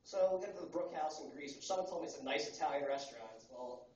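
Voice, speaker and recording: A man in his twenties from the United States doing a stand-up comedy set at a coffee house, talking fast and crudely with rambling fillers. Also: a little high, darkish tone. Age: 20s. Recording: roomy, distant, muffled live recording.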